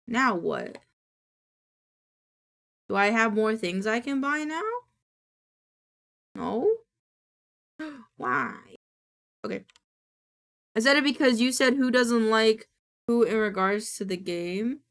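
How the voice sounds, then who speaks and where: High-voiced goofy woman streamer. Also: lively intonation, takes it slowly, pauses often, fairly bright tone, clear, resonant tone. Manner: goofy and playful, teasing, swears casually. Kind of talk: casual live-stream chat while working.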